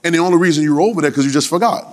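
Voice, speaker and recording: High-voiced preacher calling to his congregation. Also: very fast. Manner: call-and-response, lively and joking with the congregation; breaks into shouts and sung phrases. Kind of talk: sermon.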